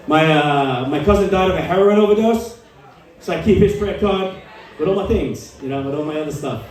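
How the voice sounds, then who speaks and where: A man's voice: a little high, distant mic. Stand-up man in an echoey club. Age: 40s. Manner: deadpan storytelling, acting out quoted people. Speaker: stand-up comedian. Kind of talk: stand-up comedy set. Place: small comedy club.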